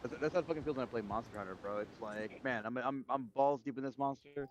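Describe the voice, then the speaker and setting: A man's voice: mid-range voice, fast, slight background noise. Blunt cussing man, muffled sound. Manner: blunt, profane, joking. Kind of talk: casual chat.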